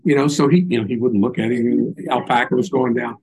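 Older man, Southern accent, informal sermon, folksy storytelling, mellow husky voice. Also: mid-range voice, fairly even intonation, fast talker, rough recording. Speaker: Bible teacher.

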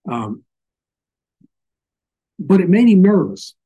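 A man's voice: high voice, very animated, slow pace, mellow, husky, lo-fi sound. An older man with a Southern accent giving an informal Bible teaching, folksy and full of little stories and asides. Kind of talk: informal sermon.

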